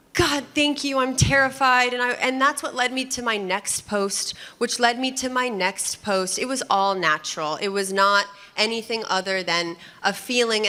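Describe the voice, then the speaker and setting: A woman on a conference panel, telling a personal story in an emotional, animated way before a live audience. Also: medium pitch.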